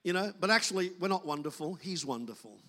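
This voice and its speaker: High bright-voiced male preacher in a hall. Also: expressive, quick pace. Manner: conversational preaching with quoted asides. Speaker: pastor. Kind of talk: sermon.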